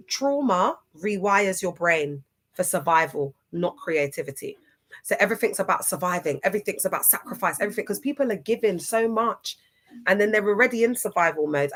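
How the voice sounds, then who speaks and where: A woman's voice: mid-range voice, fairly bright tone. Chatty woman on a livestream. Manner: chatty, laughs often, spells out words. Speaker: livestream host. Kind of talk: casual livestream talk.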